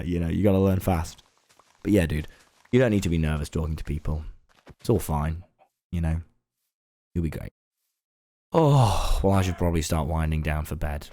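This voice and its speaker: A man's voice: rumbling low, vocal fry, mellow, no echo, studio quality. A young man chatting casually in a late-night vlog, rambling and laid-back and swearing now and then. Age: young adult. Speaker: online content creator.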